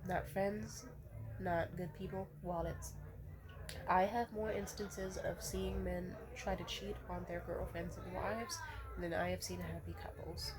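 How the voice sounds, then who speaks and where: A woman's voice: on the low side, fairly even intonation, unhurried, a crowd in the background. A young woman ranting bluntly and profanely to camera in a casual vlog, restating points as she goes. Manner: repeats herself to restate points. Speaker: vlogger.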